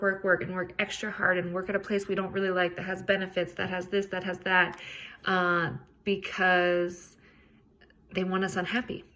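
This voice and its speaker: A woman's voice: medium pitch, fairly bright tone, a little hiss or hum. A woman hosting a podcast, talking casually and earnestly on her own, encouraging and a bit rambling. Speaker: podcast host. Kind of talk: casual solo self-help talk.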